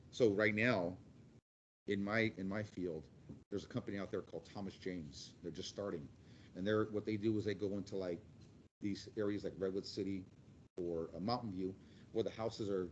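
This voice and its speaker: A construction manager in his forties speaks as a guest to a class, telling rambling, blunt stories casually and restarting often. His voice sits low and a little mellow, and the audio is dull with a little hiss or hum.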